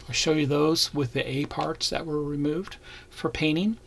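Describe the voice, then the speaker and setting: A man's voice: on the high side, fairly even intonation, normal speed, creaky. A man narrating a casual model kit review, plainly pointing out parts as he shows them.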